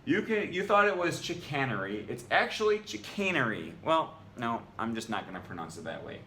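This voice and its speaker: A man's voice: medium pitch, big pitch swings, a little fast, sharp tone. A man making a language video, reading out an article and arguing back against it in an exasperated, argumentative way. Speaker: language vlogger. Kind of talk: reading an article aloud and rebutting it. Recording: roomy echo, faint ambient noise.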